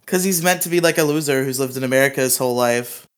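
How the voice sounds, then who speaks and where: A man's voice: medium pitch, quick pace. A young man hosting a casual movie review podcast, chatty and teasing, often laughing. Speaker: podcast host.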